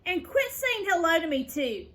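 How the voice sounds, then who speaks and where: A woman's voice: extremely high pitch, sing-song, normal speed, sharp tone, exaggerated voice. A woman voicing a grumpy, irritable schoolboy who snaps curtly at the girls in a storybook reading. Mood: irritated. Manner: curt and snappish.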